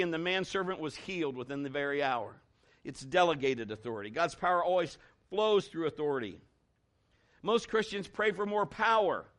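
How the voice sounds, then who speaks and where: A man's voice: high-pitched, fairly bright tone. A man preaching a sermon as pastor, working up the room with rising calls to the congregation.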